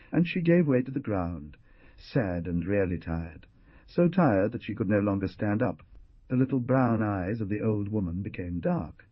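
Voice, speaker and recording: Husky low male audiobook narrator. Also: expressive, no echo, dull audio. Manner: measured storytelling. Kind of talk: scripted narration.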